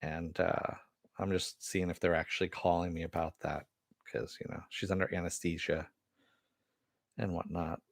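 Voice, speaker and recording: A man's voice: sits low, level tone, moderate pace, creaky, dry recording, studio quality. Rambling American man hosting a live stream. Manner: rambling, reads viewer comments aloud. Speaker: host. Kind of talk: casual live-stream chat.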